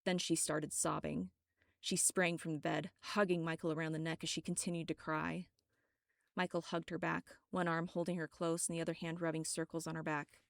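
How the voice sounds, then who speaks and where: A woman reading her own story aloud as audiobook narration, steady and dramatic. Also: deep voice, moderate pace, vocal fry, dry recording, studio quality.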